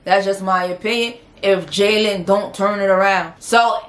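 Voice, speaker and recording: A woman's voice: medium pitch, steady tone, moderate pace. A woman casually recapping a TV episode, chatty and opinionated, often laughing as she talks. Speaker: TV show reviewer. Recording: roomy echo.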